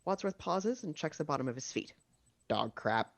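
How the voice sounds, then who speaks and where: A man narrating the stage directions of a screenplay at a casual video-call table read, with steady reading and dry asides. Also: a little high, moderate pace, no echo.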